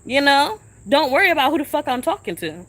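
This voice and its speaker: Her pitch sits high and swings widely as this young livestreamer vents on her phone at an outdoor shelter. She speaks fairly quickly in a fairly bright tone, cursing, confronting and asking the same questions repeatedly.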